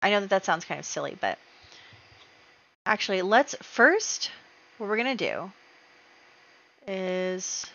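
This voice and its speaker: A woman's voice: mid-range voice, sing-song, measured pace, gravelly, long pauses, a bit bright, highs cut off. A woman hosting a let's play, chatting casually as she narrates her game moves with fillers and small laughs.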